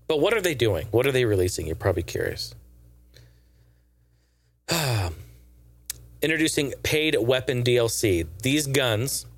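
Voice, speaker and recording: A man's voice: medium pitch, no echo. A man giving casual, profane and sarcastic gaming news commentary in a rambling way.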